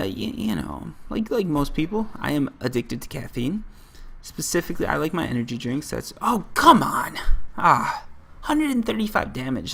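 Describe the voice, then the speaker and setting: An American man narrates his gameplay in a loose, rambling way, constantly cutting off his own stories to react. His voice has a gravelly fry to it and sits at an ordinary middle pitch. He fills gaps with "like" and restarts. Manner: rambling, self-interrupting, lots of "like". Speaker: gaming channel host.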